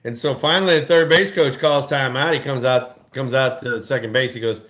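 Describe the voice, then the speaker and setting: An older former ballplayer telling stories in casual podcast chat, animated and acting out quotes in a raised voice. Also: male voice, mid-range voice, moderate pace, few pauses. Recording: dull lo-fi audio.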